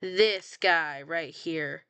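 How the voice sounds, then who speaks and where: A woman's voice: sits low, drawn-out words, a bit bright, smooth, dry recording. A young woman chatting casually about her own fan fiction, blunt and self-mocking, swearing freely and laughing at herself. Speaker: fanfiction writer scrolling her own archive.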